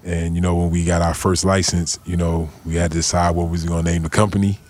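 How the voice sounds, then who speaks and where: A man's voice: sits low, little pitch movement, fast talker, darkish tone, slight background noise. A man as a podcast guest, telling a personal story in a laid-back, slangy way full of conversational fillers. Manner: laid-back, slangy, "you know what I'm saying" fillers. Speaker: guest, cannabis company founder. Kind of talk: casual storytelling interview.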